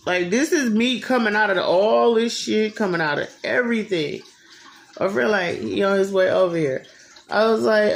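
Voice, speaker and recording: Gravelly-voiced vlogger swearing through a story. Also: mid-range voice, normal speed. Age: 30s. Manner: profane, emphatic, repeats phrases for effect. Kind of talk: casual storytelling vlog.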